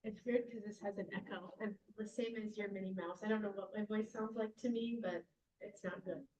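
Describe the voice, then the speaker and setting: A woman lecturing a class, relaxed and thinking aloud, often checking whether listeners follow. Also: medium pitch, brisk, lo-fi sound. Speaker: guest lecturer. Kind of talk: lecture with audience questions.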